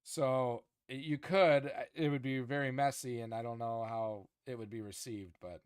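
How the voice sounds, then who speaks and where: A man's voice: mid-range voice, normal speed, clean tone, no echo. Male podcast co-host, casual, heated, dry close mic. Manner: animated, frustrated, many restarts. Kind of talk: casual chat.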